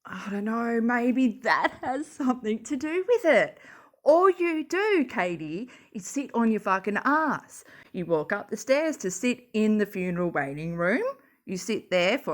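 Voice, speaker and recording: A woman with an Australian accent reading social media posts aloud and ranting about them in a sarcastic voice, swearing often. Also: on the high side. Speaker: YouTube commentator.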